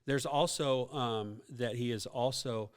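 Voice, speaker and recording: A man hosts a casual faith podcast for a youth group. He explains things patiently, like a teacher, with plenty of ums and uhs along the way. His voice sits at an ordinary middle pitch. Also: slow pace, clean tone. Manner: explanatory, teacherly, many fillers and asides. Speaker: youth ministry podcast host.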